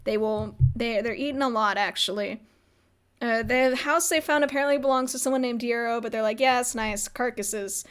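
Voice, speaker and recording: Young woman streamer, rambling recap, giggly, slightly high voice. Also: fairly even intonation, a little fast, smooth. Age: young adult. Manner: rambling, giggly, lots of filler "like". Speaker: streamer recapping a roleplay server. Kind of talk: casual livestream chat.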